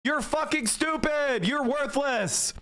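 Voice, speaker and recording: High-voiced man in a heated rant. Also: slow, sharp tone. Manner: heated, profane, berating his viewers. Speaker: political streamer. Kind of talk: live-stream commentary rant.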